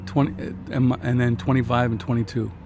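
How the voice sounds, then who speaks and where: A man's voice: medium pitch, little pitch movement, a little fast, background noise. Chatty man in his fifties. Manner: chatty storyteller, jumps between anecdotes. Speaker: guest, guitarist. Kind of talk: casual conversation. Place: outdoor restaurant patio at night.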